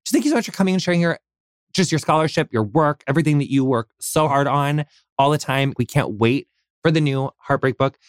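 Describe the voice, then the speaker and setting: A man's voice: a little high, animated, fairly quick, dry recording, clean studio sound. Gushing American man hosting a podcast. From United States. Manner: effusive, gushing, heavy filler "like", casual swearing. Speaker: podcast host. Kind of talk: casual interview chat.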